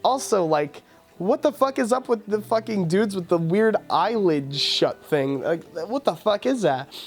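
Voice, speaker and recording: A man's voice: high-pitched, expressive, measured pace, soft background music. A man hosting a podcast in a casual film review rant, profane, exasperated and mocking. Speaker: podcast host.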